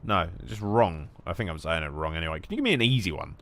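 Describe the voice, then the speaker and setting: A young English man chatting casually while gaming, jokey and rambling, with some swearing and bursts of loud mock shouting. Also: deep voice, animated, quick pace. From England. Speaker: gaming streamer.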